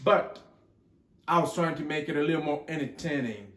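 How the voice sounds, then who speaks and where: A man's voice: fairly high pitch, moderate pace, fairly bright tone. Joking man with a put-on drawl. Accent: put-on mixed Texan and Australian. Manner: rambling, joking, loses count. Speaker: gun channel host. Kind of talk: casual show-and-tell vlog. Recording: echoey room.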